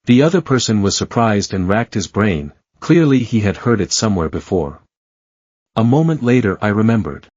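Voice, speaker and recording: A man reading a story recap in a steady, even narration. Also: lowish voice, normal speed, no echo, muffled recording.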